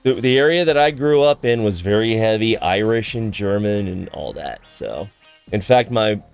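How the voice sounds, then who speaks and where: Animated, excitable male streamer. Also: on the low side, moderate pace, gravelly, clean tone, soft background music. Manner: excitable, laughs often, trips over words. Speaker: streamer host. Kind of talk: casual livestream chat.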